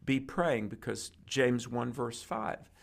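A man with a gravelly, creaky voice tells a story in conversation. He acts out the dialogue of the people in it as he goes, sounding like a preacher recounting an encounter. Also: mid-range voice, slow pace. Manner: animated storyteller acting out quoted dialogue. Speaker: guest preacher.

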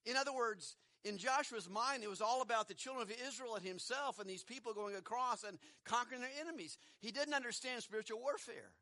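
A man's voice: very high voice, fairly quick, few pauses, sharp tone, no room sound, clean studio sound. A middle-aged man preaching a sermon in a conversational way, posing rhetorical questions and chuckling between points.

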